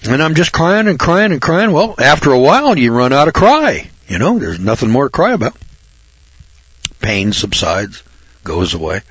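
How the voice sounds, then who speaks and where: A man's voice: medium pitch, very animated, normal speed, fairly bright tone, slightly rough. An older man from Northern California, a reporter, telling a folksy personal story and repeating words for emphasis. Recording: dull lo-fi recording.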